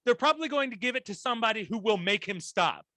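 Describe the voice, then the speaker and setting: A man with a high, bright voice talks loosely on a podcast. He is animated and blunt, swearing often and laughing. The sound is close and dry. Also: quick pace, dry recording. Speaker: podcast co-host. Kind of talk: casual chat.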